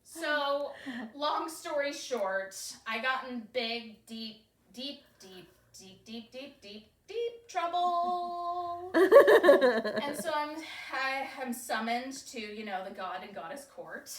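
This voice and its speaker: A woman's voice: sits high, animated, slow pace, a bit bright, full character voice. A woman playing a cheeky, carefree winged mermaid goddess, telling her story in first person with a breezy, giggly manner and frequent laughs. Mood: playful. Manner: giggly, breezy, laughs often between phrases. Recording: roomy echo.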